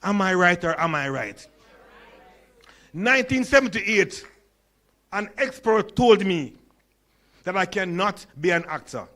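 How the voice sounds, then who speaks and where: A man's voice: high voice, expressive, a little slow, pauses often, pushed and bright. A Jamaican man in his sixties with a stutter and lisp, giving a humorous conference talk with stories and questions to the audience. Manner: storytelling, engages audience with questions. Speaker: conference speaker.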